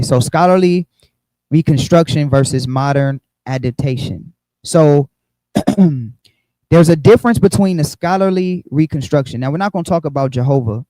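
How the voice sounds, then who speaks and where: Man teaching a Bible lesson, mellow voice. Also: medium pitch, no room sound, low-quality recording. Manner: explanatory, repeats points with "okay?" and "right?". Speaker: religious teacher.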